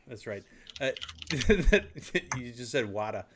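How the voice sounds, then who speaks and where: A man with a Southern US accent hosting a casual podcast chat, easygoing and chuckling, with drawn-out vowels. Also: medium pitch, expressive, vocal fry, background noise. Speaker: podcast host.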